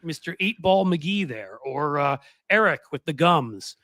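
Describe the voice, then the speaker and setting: A man's voice: on the high side, animated, a little slow, pushed and bright, no room sound. A man hosting a political podcast, talking in a sarcastic, joking way and laughing in the middle of his sentences. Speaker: podcast host.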